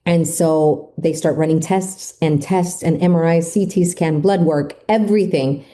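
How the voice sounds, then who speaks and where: A woman's voice: sits low, unhurried, dark tone. A woman guest on a podcast, emotionally retelling a personal story and acting out what people said. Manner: emotive retelling, acts out quoted speech.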